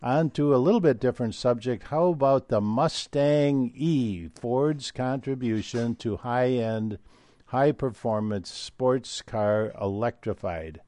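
An older man hosting a solo talk, speaking in a rambling, digressive way with frequent hesitant pauses. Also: medium pitch, warm tone, dry recording.

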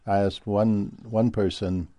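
A man's voice: lowish voice, level tone, slow pace, mellow, no room sound. A man from Minnesota with a Midwestern American accent, talking in a rambling casual monologue with many fillers and restarts.

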